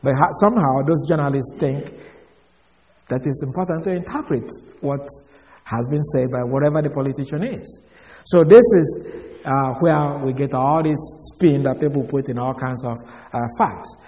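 A man's voice: medium pitch, dark tone. Preacher man in a reverberant hall. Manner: teaching, explains words slowly with pauses and fillers. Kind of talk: sermon.

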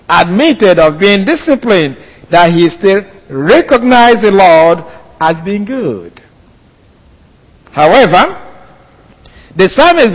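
A male pastor preaching a sermon with slow, emphatic, deliberate delivery. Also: sits high. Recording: long hall reverb.

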